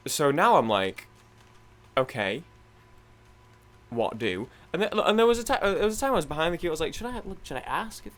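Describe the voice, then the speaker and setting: A young man, casually rambling through a story while playing a game, animated and swearing freely. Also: on the low side. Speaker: gaming video host.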